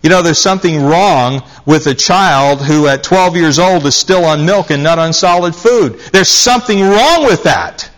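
A man's voice: fairly high pitch, animated, moderate pace, few pauses, a bit bright. A man with a slightly raised voice delivers a sermon from the pulpit. He reads scripture verses aloud and presses his points home by repeating the key phrases. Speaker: pastor.

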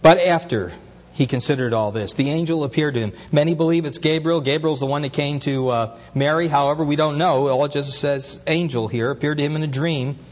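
Husky man preaching a sermon. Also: a little high, a little fast, big-room sound, muffled recording. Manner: earnest, rising to animated questions. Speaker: pastor.

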